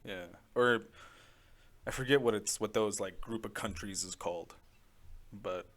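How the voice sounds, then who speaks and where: Hosting a podcast, a young man speaks a little slowly in a fairly low, rather bright voice. He rambles through casual conversation, leaning heavily on "like" and other fillers and laughing often.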